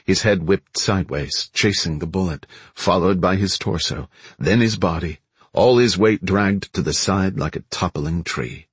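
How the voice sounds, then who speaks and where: A man reading an audiobook thriller in steady, measured narration. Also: deep voice, slightly rough, no echo. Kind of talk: scripted narration.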